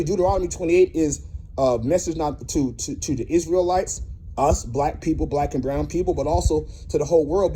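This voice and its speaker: A man's voice: fairly high pitch, mellow, a little hiss or hum. An American man giving a heated, preachy commentary rant, angry, profane and repetitive. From United States. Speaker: ministry commentator.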